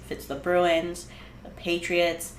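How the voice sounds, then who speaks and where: A young woman co-hosts a casual podcast, rambling in an animated, slangy way. Her voice sits a little low. The room echoes noticeably, with a faint hiss underneath. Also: slow. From New England. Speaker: podcast co-host. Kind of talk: casual chat.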